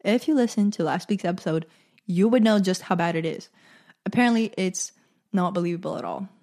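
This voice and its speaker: A woman's voice: lowish voice, a little fast, darkish tone. A young woman hosting her own podcast, talking casually and chattily, often laughing at her own jokes. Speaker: podcast host. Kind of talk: casual solo podcast monologue.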